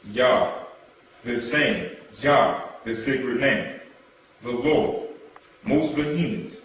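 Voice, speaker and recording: A man's voice: mid-range voice, extremely slow, far from the mic, a little hiss or hum. A man in a class reading dictionary definitions aloud, one word at a time when called on. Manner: reads single words one at a time when prompted. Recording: echoey room from afar, dull lo-fi.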